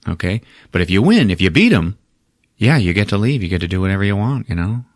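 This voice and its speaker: A man putting on a halting, drawling voice to play an eccentric male alien ruler who throws parties, in an impression of a famous actor. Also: lowish voice, sing-song, dry recording, clean studio sound. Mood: amused. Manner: halting and drawling, full of "uh" and "you know".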